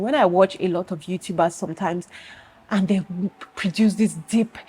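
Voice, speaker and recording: A woman's voice: on the low side, normal speed, a little mellow, husky. A woman in her thirties from Cameroon with a Cameroonian accent, speaking frankly and confidingly to her viewers in a personal vlog. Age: 30s. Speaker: vlogger.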